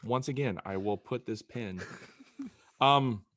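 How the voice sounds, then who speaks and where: A man of middle pitch recounts his workshop projects with dry, self-mocking humor. He talks over a remote video call, and the sound is close and dead, with no reverb. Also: takes it slowly, a bit bright. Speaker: podcast co-host, woodworker. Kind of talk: casual chat.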